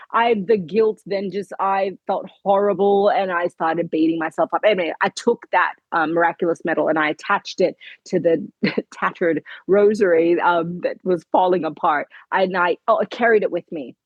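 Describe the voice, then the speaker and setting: Husky-voiced woman telling an emotional story. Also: fairly low pitch, steady tone, moderate pace, no echo, lo-fi sound. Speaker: guest. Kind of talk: personal testimony interview.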